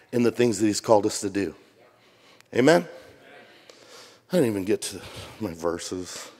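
A man's voice: medium pitch, big-room sound. A man preaching a sermon, telling a story with humor and acting out other people's lines. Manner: animated, jokey, acts out voices. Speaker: pastor. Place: church sanctuary.

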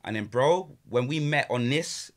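A man's voice: mid-range voice, lively intonation, a little slow. A young man, a podcast guest chatting casually in slang and laughing often. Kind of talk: casual chat.

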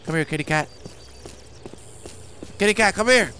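A man giving profane, excitable commentary on a game he is playing, often breaking into loud laughter. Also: sits high, moderate pace, slight background noise. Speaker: gaming video host. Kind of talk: let's play commentary. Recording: game sounds clearly behind the voice.

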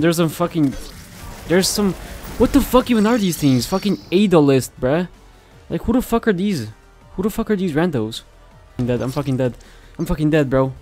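A young man giving casual gameplay commentary, swearing constantly and reacting loudly to what happens on screen. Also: on the high side.

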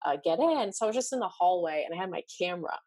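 A woman guest on a podcast, telling stories in a lively way and laughing as she goes. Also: fairly low pitch, rapid-fire, no room sound. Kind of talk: casual storytelling.

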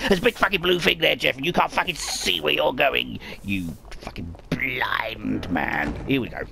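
Male let's-player, foul-mouthed and excitable, gravelly, lively pitch. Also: slight background noise. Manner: sweary, excitable, mutters to himself. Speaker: gamer. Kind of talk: profane let's play commentary.

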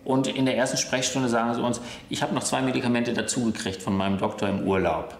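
A man's voice: medium pitch, steady tone, quick pace, gravelly, reverberant. A male doctor explaining his practice in an interview, telling cases in an anecdotal way.

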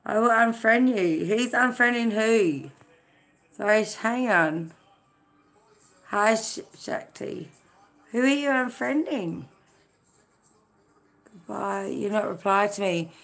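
A woman's voice: medium pitch, slow pace, long pauses, a bit bright. A woman from Australia hosting a casual live-stream chat, chatty, greeting viewers by name with many fillers.

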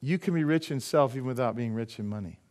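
A man's voice: medium pitch, fast talker, darkish tone. A middle-aged man preaching a sermon as pastor, emphatic and full of rhetorical questions to the congregation.

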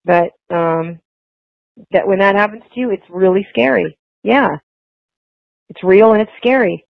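A woman on a phone interview tells her story in an emotional, rambling flow, often breaking off and starting over. Her voice comes through a tinny, dry phone line. Her pitch sits in a middle range. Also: a little slow, gravelly, dry recording. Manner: rambling and emotional, with many restarts. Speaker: interview guest.

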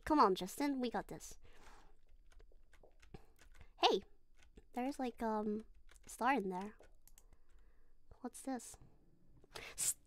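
Streaming a live playthrough of a horror game, a woman who isn't a native English speaker talks nervously and curses whenever something startles her. Her voice sits slightly high, and there's a lot of background noise.

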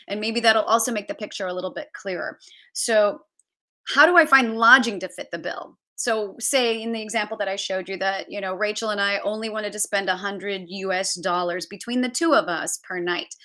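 Woman, livestream tutorial host, crisp bright tone, chatty, self-correcting, thinking aloud. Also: medium pitch. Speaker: travel budgeting host. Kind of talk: live-streamed tutorial with screen share. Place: home basement.

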